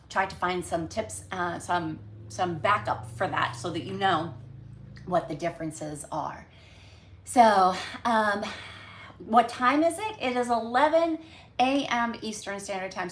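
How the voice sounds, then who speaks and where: A woman hosting a casual livestream from home, rambling through her weekly recap with lots of ums and pauses. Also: medium pitch, slight background noise. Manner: rambling, chatty, many ums. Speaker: livestream host. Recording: echoey room.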